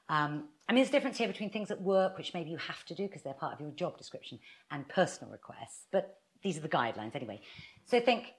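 A woman talking through her advice with a lot of melody in her voice, sitting a little low in pitch. She keeps slipping into quick acted-out bits of dialogue as she explains. It sounds like an easy, friendly interview chat. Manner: animated, acts out little quoted exchanges. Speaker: author and guest.

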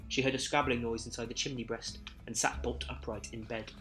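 A man narrating a Christmas story in verse with a measured, rhythmic delivery. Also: medium pitch, little pitch movement, a bit bright, faint music behind.

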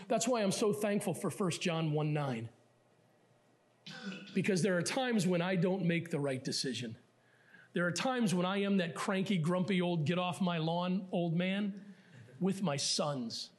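A middle-aged male pastor preaching a sermon in a church, in a conversational, self-deprecating way with asides to the congregation. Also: high-pitched. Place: church sanctuary.

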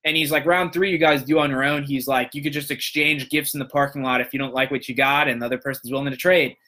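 A man's voice: medium pitch, quick pace. A young man hosting a show, casually telling a long story and acting out the people in it. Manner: animated, acts out voices in quotes. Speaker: podcast host, motivational speaker.

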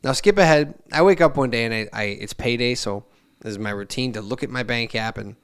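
His voice is medium-pitched and smooth, his delivery brisk. The man, a forties-aged podcast co-host, winds through an animated family anecdote in casual conversation, restarting often, adding asides, and loudly voicing family members in changing voices.

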